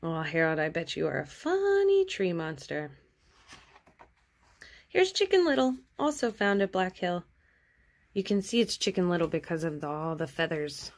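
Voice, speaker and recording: A woman artist cheerfully and gently chatting through her sketches in a casual show-and-tell. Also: lowish voice, very animated, normal speed.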